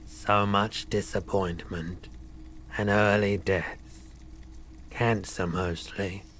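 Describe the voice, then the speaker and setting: A bitter, weary pawnbroker. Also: male voice, fairly low pitch, flat delivery, slow, a bit bright. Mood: somber. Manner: somber, resigned storytelling. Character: weary bitter male pawnbroker, middle-aged. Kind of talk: video game voice acting.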